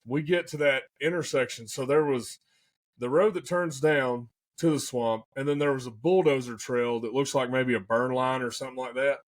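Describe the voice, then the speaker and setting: A young man, excitedly telling a hunting story in casual podcast chat, full of folksy slang. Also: medium pitch, normal speed.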